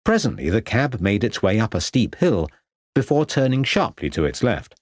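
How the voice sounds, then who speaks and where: A male audiobook narrator telling a crime story in a measured way. His voice is lowish, with lively, expressive pitch movement. The studio sound is dry and close. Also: dry recording. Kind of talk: scripted narration.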